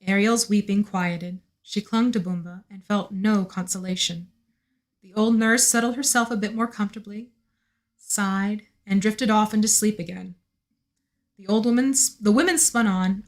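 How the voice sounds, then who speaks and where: A woman with a slightly hoarse voice, reading a novel aloud on a live stream in an unhurried way, with chatty asides. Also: medium pitch.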